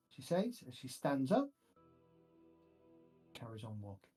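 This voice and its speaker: A man narrating a tabletop horror game as game master, describing scenes slowly and carefully. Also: medium pitch, huge pitch swings, dark tone, husky, low-quality recording. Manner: slow, measured scene narration. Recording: faint music behind.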